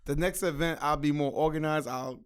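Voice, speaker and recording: A man's voice: a little high, fairly quick, clean tone. New man recounting events. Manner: relaxed, earnest, recounting events. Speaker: podcast guest, content creator. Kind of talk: casual storytelling chat.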